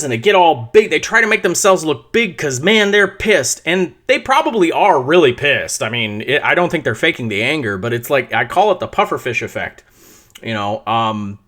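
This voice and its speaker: A middle-aged man hosting his own podcast, telling a story in a casual, animated solo monologue and swearing freely along the way. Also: mid-range voice. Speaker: podcast host.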